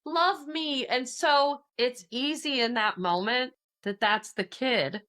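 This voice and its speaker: A woman who is a counselor and author, a podcast guest telling a personal story with lively quoted voices. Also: fairly high pitch, slow. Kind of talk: casual podcast conversation.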